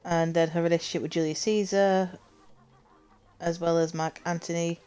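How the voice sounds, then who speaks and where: A young woman chats while streaming a game, her voice sitting a little low. She rambles, stops mid-word and restarts her sentences. Soft game music plays faintly behind her. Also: little pitch movement, moderate pace, smooth. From United Kingdom. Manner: chatty, rambling, self-correcting. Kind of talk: casual chat while gaming.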